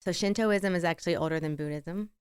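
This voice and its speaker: A middle-aged woman with a country American accent, talking through her thoughts on a podcast in a rambling, reflective way and laughing easily. Her voice sits a little low and sounds smooth and resonant. The recording is dry and close. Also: fairly quick, dry recording. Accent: American rural. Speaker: podcast co-host. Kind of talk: casual chat.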